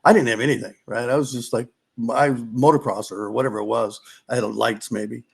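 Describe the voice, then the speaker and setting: Rambling middle-aged racer telling stories. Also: male voice, medium pitch, steady tone, fairly quick, creaky, slightly rough. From California. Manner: rambling, restarts, acts out quotes. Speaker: podcast guest, former off-road racer. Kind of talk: casual storytelling.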